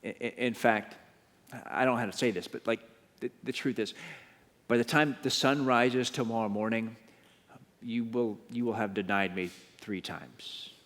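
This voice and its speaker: A man playing a calm, gentle teacher who speaks softly and earnestly, in a sermon retelling. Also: mid-range voice, normal speed, long reverb tail, natural voice. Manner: soft, hesitant, earnest.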